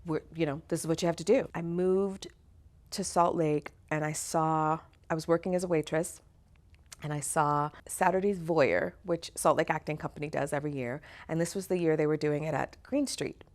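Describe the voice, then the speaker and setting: A middle-aged woman, an actor and singer, telling stories from her career in an interview. She is animated, laughs often and acts out the voices of people in her stories. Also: low voice, moderate pace. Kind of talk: conversational interview storytelling.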